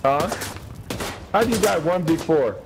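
A man's voice: fairly high pitch, animated, a little slow, very noisy. A young man trash-talking an opponent over game voice chat, taunting, crude and repetitive. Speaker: gamer streaming.

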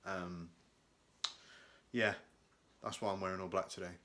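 A man's voice: low-pitched, steady tone, unhurried, sharp tone. A young man vlogging casually at home, rambling and mocking himself, with lots of fillers. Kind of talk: casual vlog chat. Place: at home, indoors and out. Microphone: handheld camera at arm's length.

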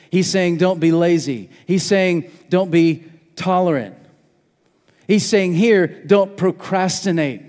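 High-voiced preaching pastor in a reverberant hall. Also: male voice. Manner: preaching, rising to loud emphatic urgency. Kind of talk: sermon. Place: church sanctuary.

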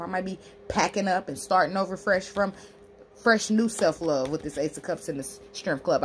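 Low-voiced, brash, profane woman. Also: a little hiss or hum. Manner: brash, profane and emphatic, talking straight to the viewer; animated, acting out imagined speech in a sassy tone. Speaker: tarot reader and spiritual healer. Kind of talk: tarot card reading.

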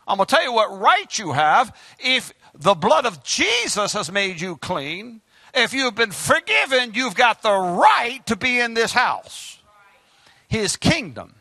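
A man preaching a fiery sermon, swinging between sudden shouts and hushed asides. His voice is high and bright, rising and falling widely. The sound is dry and close. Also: big pitch swings, a little slow, dry recording. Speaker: pastor.

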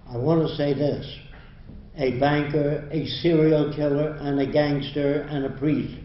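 A man's voice: medium pitch, slight background noise. An older man giving a university lecture in a blunt, emphatic, lecturing manner. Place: lecture hall. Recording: roomy, dull lo-fi hall recording.

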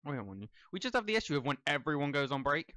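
A man's voice: fairly high pitch, very animated, rapid-fire, bright, forceful tone, no room sound, clean studio sound. A young man giving casual gameplay commentary, rambling and talking to the characters on screen. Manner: rambling, talks to the game characters. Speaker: let's play gamer.

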